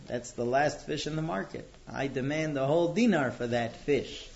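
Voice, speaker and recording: A man's voice: on the high side, moderate pace, gravelly, darkish tone. A man voicing a greedy fish seller at a market who haggles bluntly. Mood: haggling. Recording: dull lo-fi recording.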